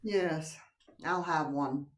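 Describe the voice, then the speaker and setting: A woman's voice: low-pitched, drawn-out words. An older woman playing a coy, teasing wife. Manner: coy, soothing, drifting into breathy whispers. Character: coy, teasing unfaithful wife, middle-aged. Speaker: stage actor. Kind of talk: stage play reading over video call. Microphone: video call. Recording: voice a little far from the mic.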